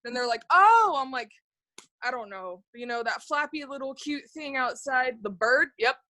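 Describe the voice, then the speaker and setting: A young woman in casual group conversation, animated and acting out quoted people as she talks. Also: a little high, moderate pace, dry recording. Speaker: support group member.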